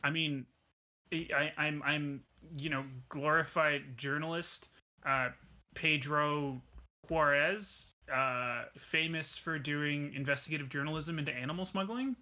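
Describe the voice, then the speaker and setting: A man's voice: fairly high pitch, fairly even intonation, measured pace, pushed and bright. A man voicing a pompous, easily offended male journalist who stammers. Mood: indignant. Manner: indignant, stammering.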